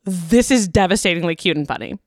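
A woman in her thirties co-hosting a podcast in casual chat, bubbly and quick to laugh. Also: fairly low pitch, no room sound, clean studio sound. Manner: bubbly, animated, laughs often. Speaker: podcast co-host.

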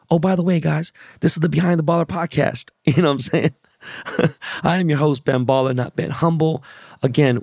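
A man hosting his podcast with a hoarse, worn-out voice from yelling, talking casually, bluntly and with lots of swearing. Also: a little high, dry recording, clean studio sound. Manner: blunt, swears a lot, rambling. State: hoarse, lost voice. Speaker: podcast host. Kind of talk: casual profane podcast monologue.

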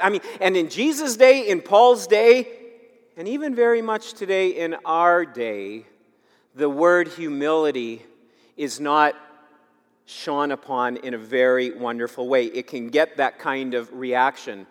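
A male pastor preaching a sermon, emphatic and repetitive, swinging between loud urging and quiet asides. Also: fairly high pitch, unhurried. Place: church sanctuary. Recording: long hall reverb.

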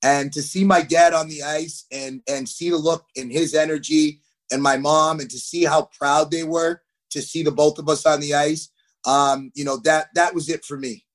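A man in his thirties, a hockey player telling stories as a podcast guest, animated and acting out what people said. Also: a little high, normal speed. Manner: animated, acts out quotes. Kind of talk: podcast interview, storytelling.

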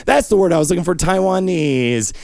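A man with a gravelly, creaky voice rants through an improvised comedy bit, profane and erratic. He pitches his voice somewhat high and often lapses into a sing-song lilt. The sound is dry and close. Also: lively intonation, a little fast, a little mellow, no room sound. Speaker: comedy show host.

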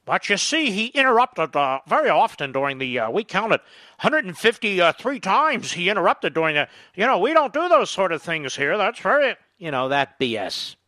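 Man, political talk host, combative monologue, bright high voice, dry close sound. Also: very animated, normal speed, no room sound. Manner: indignant, emphatic, rising to loud outrage.

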